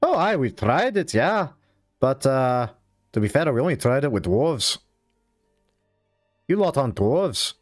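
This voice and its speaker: A man voicing a blunt, gruff middle-aged dwarven lord in a put-on Scottish accent for a tabletop game. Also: medium pitch, big pitch swings, measured pace, pauses often, soft background music. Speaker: dungeon master. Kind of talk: tabletop role-play voice acting.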